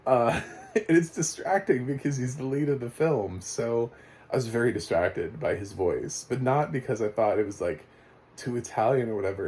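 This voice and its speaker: A man giving a casual, rambling spoken movie review, chatty and quick to laugh. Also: mid-range voice, a little mellow.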